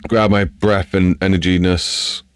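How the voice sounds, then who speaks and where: A man's voice: deep voice, little pitch movement, a little slow, smooth, no echo. A man with an English accent chatting casually on a live stream while he builds a game map, rambling and talking to himself and to chat.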